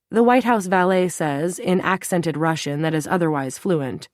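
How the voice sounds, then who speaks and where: Woman, audiobook narrator, low voice, steady even reading, dry close recording. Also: moderate pace, few pauses, no room sound.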